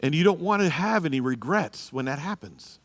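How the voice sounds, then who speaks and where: A man's voice: on the high side, expressive, normal speed, in a large hall. A man teaching a church marriage class, blunt and exhorting, often checking in with "you know" and "okay?". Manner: acts out quoted people in a raised voice.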